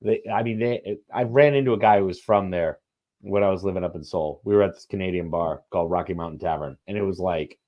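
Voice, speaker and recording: A man's voice: sits low, fast, muffled recording. A man co-hosting a casual live football watch-along, laid-back and swearing freely, with lots of "man" and "yeah". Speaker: co-host.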